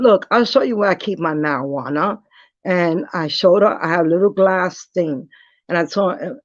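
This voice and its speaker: A woman vlogger telling a personal story in a blunt, profane, animated way. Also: mid-range voice, no echo, lo-fi sound. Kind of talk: casual storytelling.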